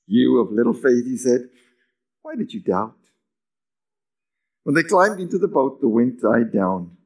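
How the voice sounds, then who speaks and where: This male pastor's sermon shifts between emphatic statements and soft, nearly whispered passages, with a raised, spirited pitch for quoted dialogue. He takes his time.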